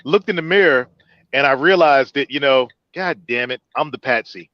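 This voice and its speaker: A man hosting a podcast, an animated, joking storyteller in casual banter. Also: mid-range voice, normal speed, no room sound, lo-fi sound. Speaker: podcast host.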